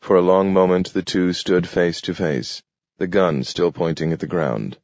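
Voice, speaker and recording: A man reading a story aloud in a measured, steady manner. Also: low voice, no echo, dull audio. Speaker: audiobook narrator. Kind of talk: scripted narration.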